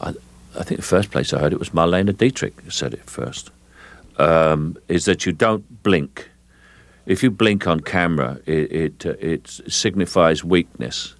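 A man being interviewed as an actor guest, explaining his craft in a measured way with frequent restarts. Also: low-pitched, vocal fry. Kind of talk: interview answers.

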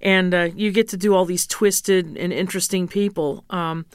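A woman's voice: lowish voice, steady tone, normal speed, clean tone, dry recording, studio quality. A woman opera singer as an interview guest, frank and teasing as she coaches pronunciation. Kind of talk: casual interview.

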